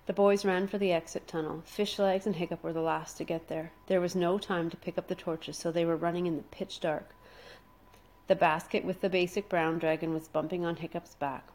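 A woman reading a children's adventure story aloud, dramatic and slowing down for suspense. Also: lowish voice, level tone, darkish tone. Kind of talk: expressive storybook read-aloud.

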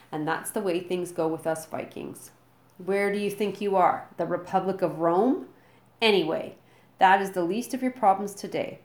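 A woman's voice: fairly low pitch, a little mellow, roomy sound, natural voice. A woman voicing a giant one-eyed Viking man who screams his orders at a group of boys.

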